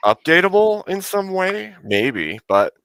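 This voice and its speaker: A man's voice: high-pitched, big pitch swings, slow, a bit bright. A man hosting a casual livestream chat over a video call, talking in a joking, laid-back way. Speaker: livestream host.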